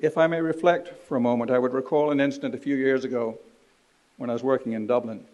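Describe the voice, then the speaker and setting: A man in his seventies from Canada, giving a formal ceremonial speech at a podium in a measured, dignified way. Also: mid-range voice, fairly even intonation, darkish tone, dull audio. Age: 70s. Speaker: ceremony speaker. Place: university ceremony hall.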